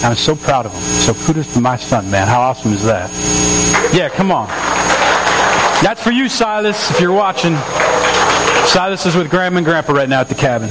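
A man's voice: fairly high pitch, background noise. A man preaching a sermon as a pastor, telling a family story in an earnest, conversational way with frequent restarts. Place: church sanctuary.

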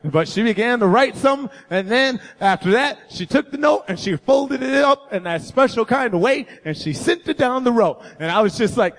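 A man, a guest speaker, telling a funny personal story in a sermon, animated and acting out voices and sounds. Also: extremely high pitch, moderate pace, few pauses. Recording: echoey hall.

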